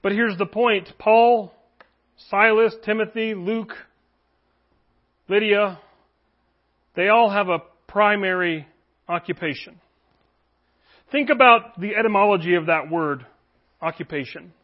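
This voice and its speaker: A man's voice: sits high, a little slow, pauses often, muffled recording. A man preaching an earnest, emphatic sermon with rising exclamations.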